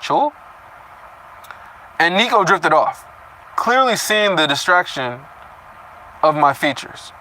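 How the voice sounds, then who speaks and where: A man's voice: fairly high pitch, lively intonation, slow, pauses often, sharp tone, a little hiss or hum, poor audio. A man reading a story chapter aloud and breaking off into casual, profane comments on it. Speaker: reader reacting to a novel chapter.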